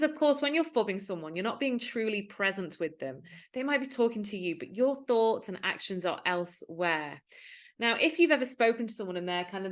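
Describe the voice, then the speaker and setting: A woman gives a friendly explainer to camera as a digital wellbeing coach. She talks in an earnest, conversational way and slips into quoted dialogue to make her points. Her voice sits at a middle pitch for a woman. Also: fairly bright tone.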